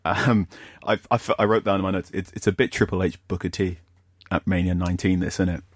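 A man's voice: low voice, steady tone, brisk, breathy edge, dry recording, clean studio sound. A man co-hosting a wrestling podcast, a wry storyteller in casual chat. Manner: wry storyteller, acts out quotes. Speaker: podcast co-host.

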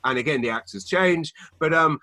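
A man co-hosting a podcast, chatting casually and telling animated stories full of fillers and restarts. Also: on the high side, normal speed, no echo. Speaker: podcast co-host. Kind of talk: casual chat. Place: home in Canada.

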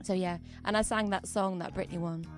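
Deadpan young woman guest, music behind. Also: on the low side, a little fast. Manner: deadpan, cheeky storytelling. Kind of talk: casual comedic chat.

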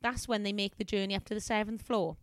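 A woman's voice: mid-range voice, steady tone, fast, clean tone, no echo, close to an everyday voice. A woman voicing a chatty young female office temp in a put-on Welsh accent, confiding and talkative.

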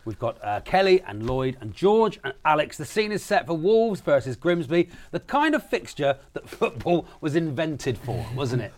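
A man's voice: a little high, very animated, normal speed, few pauses. Teasing male quiz host. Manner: teasing, playful. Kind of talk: radio quiz banter.

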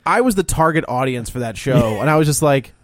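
A man's voice: medium pitch, animated, fairly quick, a little hiss or hum. A man co-hosting a film podcast, chatting casually and laughing often. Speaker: podcast co-host. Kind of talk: casual chat.

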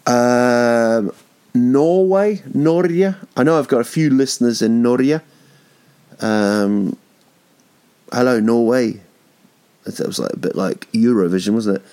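A man's voice: mid-range voice, vocal fry, a little mellow. A man in his thirties hosting a podcast from home, rambling through jokes with lots of ums and restarts. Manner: rambling, jokey, swearing, many ums and restarts. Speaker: podcast host. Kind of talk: casual comedic monologue.

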